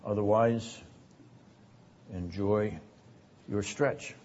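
An older man teaching a seminary class on scripture in a measured, deliberate lecture style. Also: lowish voice, fairly even intonation, darkish tone. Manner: measured, deliberate delivery, rising in force for quoted verses. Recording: dull lo-fi lecture recording.

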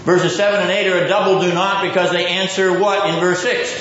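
A man's voice: sits high, level tone, brisk, fairly bright tone, lo-fi sound, slight background noise. A man teaching a seminary class on the Bible, quizzing his students and driving points home by repeating them.

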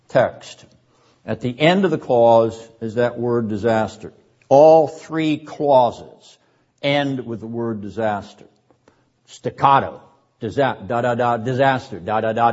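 An older man teaching a seminary class on scripture, speaking deliberately and emphatically, repeating words for rhythm and often clearing his throat. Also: medium pitch, a little mellow. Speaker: seminary lecturer. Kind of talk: classroom Bible lecture. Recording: dull lo-fi lecture recording.

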